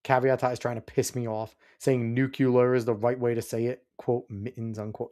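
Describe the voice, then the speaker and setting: Male host for a casual reaction stream: rambling, easily riled, middle-pitched voice. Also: a little fast, hardly any pauses, a little mellow. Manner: rambling, exasperated, talks back at chat and the clip. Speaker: podcast host reacting to a clip. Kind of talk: casual livestream reaction commentary.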